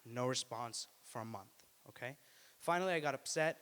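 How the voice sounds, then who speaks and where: A man's voice: mid-range voice, moderate pace, fairly bright tone, clear, resonant tone. A man in his twenties doing stand-up at an open mic, offhand and profane with lots of filler words. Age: 20s. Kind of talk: stand-up comedy. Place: small indoor student venue. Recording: live room with long reverb.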